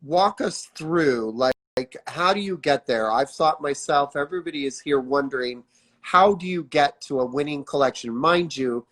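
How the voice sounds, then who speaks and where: Eager male interviewer, slightly high voice. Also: a bit bright. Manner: enthusiastic and easily impressed, with quick reactions. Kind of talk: conversational interview.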